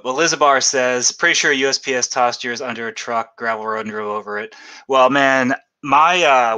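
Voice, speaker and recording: Bright-voiced chatty man unboxing live. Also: mid-range voice. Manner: rambling, chatty, reads chat aloud and reacts excitedly. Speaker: YouTube host doing a live unboxing. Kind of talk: casual live-stream chat.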